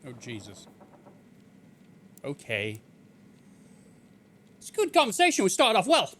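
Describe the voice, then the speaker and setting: A man's voice: sits high, huge pitch swings, measured pace, bright, forceful tone. A man streaming a video game, commenting casually in a joking, incredulous way. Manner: joking, incredulous, laughs often.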